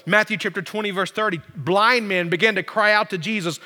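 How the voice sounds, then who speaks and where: Male pastor, sermon delivery, swings between rising emphasis and quiet lows; sharp, high voice, long hall reverb. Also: a little fast, few pauses. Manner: preaching with big swings in pitch and loudness.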